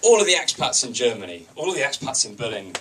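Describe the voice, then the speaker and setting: A man's voice: mid-range voice, sing-song, quick pace, recorded from a distance, background noise. A man doing open-mic stand-up in a comedy club, chatty with the crowd and wryly self-deprecating.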